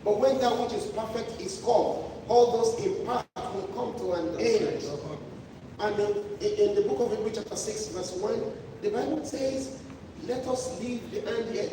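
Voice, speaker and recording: A man's voice: high voice, moderate pace. A man preaching a sermon, emphatic and repetitive, often restarting his phrases. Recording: echoey hall from far off, noisy.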